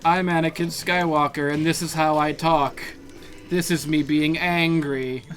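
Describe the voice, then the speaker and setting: A man voicing a stiff, whiny young male space knight in a flat, mock-dramatic way. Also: fairly high pitch, measured pace. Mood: mock-angry.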